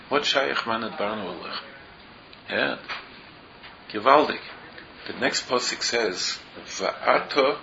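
Man teaching a Torah class, gravelly. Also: medium pitch, lively intonation, unhurried, pauses often, pushed and bright. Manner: mixes Hebrew and Yiddish terms into English, asks rhetorical questions. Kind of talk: Torah class explaining verses. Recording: dull lo-fi recording with faint noise.

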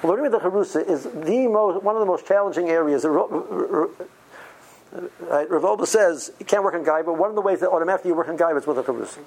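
A man teaching yeshiva students in an informal, animated Torah lecture, often stumbling and restarting his words. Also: high voice, quick pace, rough recording. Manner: animated, stammering restarts, uses Yiddish and Hebrew study terms.

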